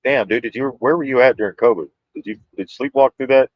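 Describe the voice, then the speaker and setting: A man's voice: medium pitch, quick pace, dry recording. Sarcastic male co-host, dry dull mic, casual reaction chat. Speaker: podcast co-host.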